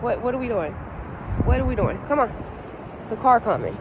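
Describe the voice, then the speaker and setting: A woman chatting casually to her vlog camera outdoors at a park while she walks her dog, ranting in slangy, animated talk. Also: a little high, brisk, background noise. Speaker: family vlogger.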